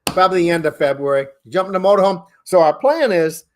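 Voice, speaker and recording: A man's voice: high-pitched, lively intonation, fast, slight background noise. A man co-hosting a podcast, chatting casually over a video call, telling rambling stories and swearing freely. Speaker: podcast co-host. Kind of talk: casual chat.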